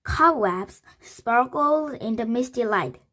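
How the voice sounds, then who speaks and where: Slow, halting woman reading a storybook. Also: on the high side, expressive, a bit bright. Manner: slow, halting, with self-corrections. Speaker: reader. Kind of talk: reading a children's book aloud.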